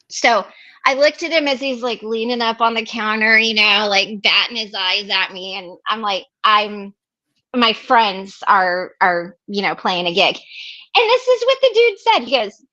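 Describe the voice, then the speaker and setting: A woman's voice: mid-range voice, animated, unhurried, sharp tone, lo-fi sound. A middle-aged woman hosting a recovery meeting, telling a personal story in a casual, chatty way, with many fillers and restarts, acting out what others said.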